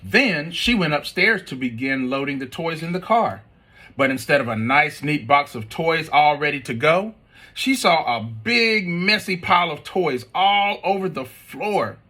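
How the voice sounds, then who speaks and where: A man's voice: on the high side, a little slow. A man reading a children's storybook aloud and chatting with students about it. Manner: expressive, chatty.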